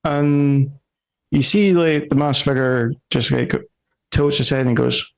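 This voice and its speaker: A man running a tabletop game as game master, narrating scenes at a slow, unhurried pace. He rambles and corrects himself often. His voice sits mid-range. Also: medium pitch, fairly even intonation, vocal fry, rough recording.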